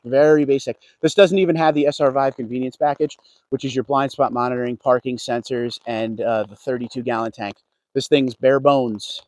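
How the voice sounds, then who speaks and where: There's no echo on this medium-pitched, darkish male voice. The car vlogger is walking around a dealership lot outdoors, livestreaming casually, chatting and greeting viewers by name.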